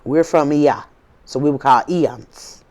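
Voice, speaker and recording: A woman with a low, slightly mellow voice speaks unhurriedly as host of her own spiritual video channel. She addresses her viewers in an informal, preachy drawl, circling back over the same points and asking rhetorical questions in quick succession.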